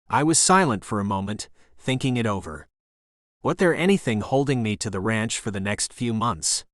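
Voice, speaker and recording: A man narrating a romance audiobook in the first person, relaxed and easy. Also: on the low side, normal speed, dry recording, studio quality.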